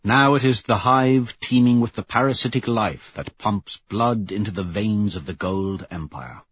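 A man narrating a novel in the first person, steady and measured. His voice is husky and sits in a middle pitch. The recording is dry, with a slightly dull, muffled top end. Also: dry recording. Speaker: audiobook narrator.

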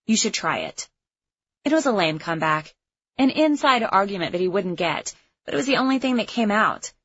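Female audiobook narrator, wry and expressive; dry, dull lo-fi recording. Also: mid-range voice, fairly quick, no echo. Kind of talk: first-person audiobook narration. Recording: slightly muffled lo-fi recording.

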